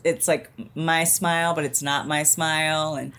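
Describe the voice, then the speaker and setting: A woman born during the Cold War, an actress and former podcast host, chats casually as a podcast guest, rambling, self-deprecating and laughing often. Her low-pitched voice is steady, a little slow, fairly bright and clean.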